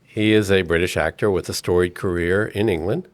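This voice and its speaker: A man with a very deep voice hosts a casual film podcast. He reads through cast details in a steady, measured way. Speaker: podcast host.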